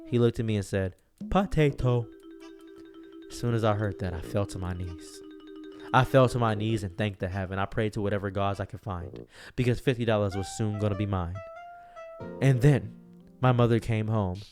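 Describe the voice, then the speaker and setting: A young man telling an absurd comic story in a deadpan, rambling way. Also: on the low side, fairly quick, over music. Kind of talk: comedic storytelling.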